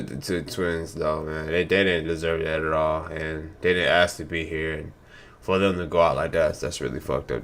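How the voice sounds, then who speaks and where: A man with a low, deep voice hosts a casual podcast conversation. He talks bluntly and emphatically and swears freely, steering the group from one topic to the next. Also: fairly bright tone. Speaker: podcast host.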